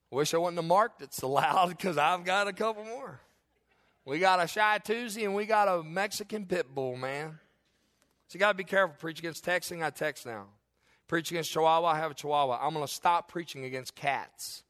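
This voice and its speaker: A man preaching a sermon, telling stories in lively, emphatic bursts. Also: moderate pace. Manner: animated storytelling with sudden loud high bursts. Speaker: pastor.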